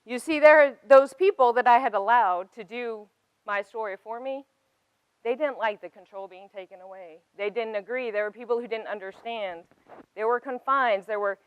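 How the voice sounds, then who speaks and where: A woman's voice: on the high side, moderate pace, clean tone, no room sound, poor audio. A woman in her thirties giving a personal testimony talk, earnest and emphatic, building to passionate peaks. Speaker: speaker.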